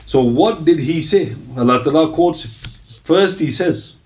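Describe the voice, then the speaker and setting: A man's voice: fairly high pitch, lively intonation, measured pace, darkish tone. A middle-aged man teaching Islamic history in a lecture, who reads out lists of references steadily and acts out small exchanges of dialogue. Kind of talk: recorded religious lecture with Quran recitation.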